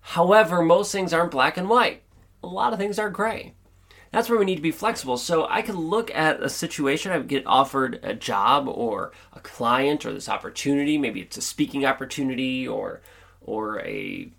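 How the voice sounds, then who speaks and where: A man's voice: on the high side, sing-song, normal speed, gravelly, a bit bright. A man hosting his own podcast and giving an upbeat, earnest, chatty pep talk. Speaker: podcast host. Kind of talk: motivational solo podcast monologue.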